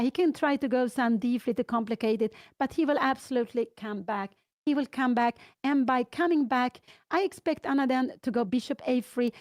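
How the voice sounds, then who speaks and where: Older Swedish-accented woman, chess commentator, excitable, slightly high voice. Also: no echo. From Sweden. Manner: excitable, thinking aloud through move lines.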